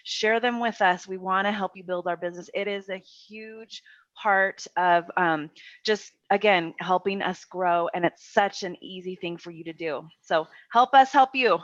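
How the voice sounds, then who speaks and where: A woman's voice: fairly low pitch, a little slow, dry recording, highs cut off. Upbeat woman urging viewers to help. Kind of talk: promotional appeal to audience.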